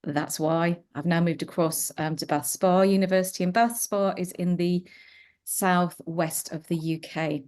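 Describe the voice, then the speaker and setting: A middle-aged woman leading an online meeting from her office, speaking hesitantly with many pauses. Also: fairly low pitch, fairly even intonation, a little mellow. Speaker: project lead and host. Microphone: video call.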